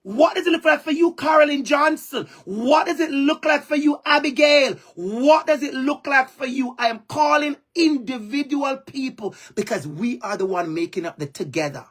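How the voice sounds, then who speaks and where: Speaking at normal speed with few pauses, a man with a Jamaican accent delivers a fiery keynote through a video call, stressing ideas by repeating phrases. His voice is very high and a bit bright.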